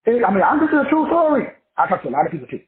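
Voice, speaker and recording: A high-voiced, middle-aged man coaching in a loose, streetwise way, swinging his pitch up and down as he acts out other people. The sound is thin and tinny, like a phone line. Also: rapid-fire. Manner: animated, slangy and profane, acting out other people's voices. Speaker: life coach. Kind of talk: casual motivational talk.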